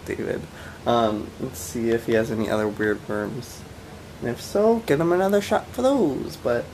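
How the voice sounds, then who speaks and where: A man's voice: medium pitch, normal speed, noisy background. A young man talking casually to his vlog camera, chatty and rambling with lots of fillers. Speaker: vlogger.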